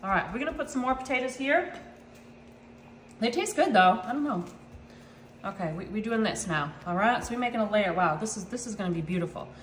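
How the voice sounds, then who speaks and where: A woman's voice: mid-range voice, expressive, fairly quick, roomy sound, a little hiss or hum. A woman, hosting a casual cooking vlog and chatting to viewers as y'all from her home kitchen. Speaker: cooking channel host.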